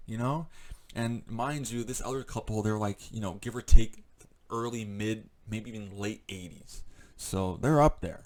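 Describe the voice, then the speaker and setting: A man delivers a heated, profanity-laden vlog rant in a fairly low voice. He rambles and stacks up fillers, still agitated and shaken. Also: a little slow, a little mellow. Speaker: vlogger. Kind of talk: angry ranting monologue.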